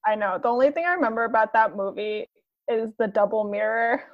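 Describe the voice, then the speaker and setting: A woman in her twenties, chatting easily with friends over a video call. Her voice is a touch high, and she talks in a relaxed way with light laughing asides. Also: fairly quick, highs cut off. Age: 20s. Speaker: podcast co-host. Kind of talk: casual chat among friends on a video call.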